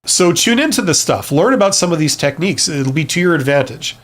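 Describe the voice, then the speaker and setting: Middle-aged male host, casual live Q&A, fairly high voice, rambling, blunt and reassuring. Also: expressive, brisk. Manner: conversational, frequent fillers and restarts, reassuring; blunt, joking asides. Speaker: livestream host, former CEO.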